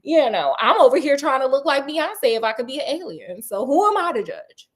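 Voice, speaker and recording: A storytelling host, a woman, casually retells a children's story, keeping it chatty with sassy asides and laughing often. Her voice is high-pitched with big swings in pitch, and she talks a little fast.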